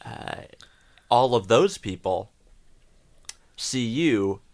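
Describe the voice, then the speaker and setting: A man as a podcast guest, telling a deadpan story in a halting way with lots of fillers. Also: mid-range voice. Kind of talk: casual comedic chat.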